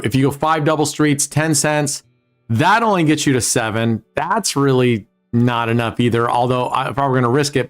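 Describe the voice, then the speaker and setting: Joking, profane man, live casino-stream host, low music under him. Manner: joking, profane, talks to chat viewers. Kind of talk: casual live-stream chat. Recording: faint music behind.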